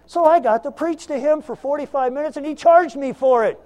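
A man with a notably high voice delivers a sermon as a lay preacher. His talk is folksy and self-mocking. He swings between loud, emphatic lines and quiet asides. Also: a little fast.

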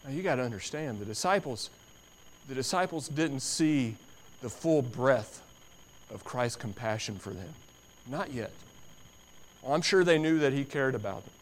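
A male preacher delivering a sermon at a medium pitch. He presses his points by repeating phrases. His voice drops low and quiet, then climbs into loud, dramatic stretches. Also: animated, normal speed, a little hiss or hum. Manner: emphatic, repeating phrases for stress.

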